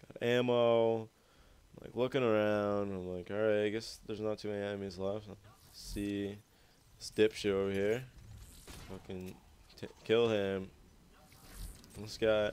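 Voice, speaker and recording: Young male gameplay commentator, lower voice, smooth and clear, rambling and profane. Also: darkish tone. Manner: rambling, swears a lot, self-mocking.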